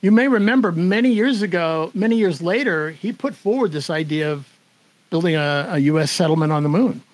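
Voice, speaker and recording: Lively older man telling a story. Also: sits high, fairly quick, low-quality recording. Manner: animated, acts out quoted voices, laughs while telling. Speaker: guest. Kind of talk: storytelling in conversation.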